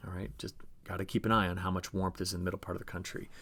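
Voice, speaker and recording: A man's voice: low-pitched, flat delivery, racing, a bit bright. A man giving a chatty agricultural weather briefing over forecast maps, talking straight to viewers and often restarting his phrases.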